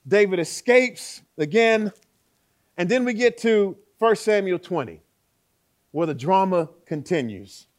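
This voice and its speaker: A man preaching a sermon, with dramatic swings between loud exclaiming and hushed words and rhetorical questions to the listeners. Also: high-pitched, expressive, measured pace.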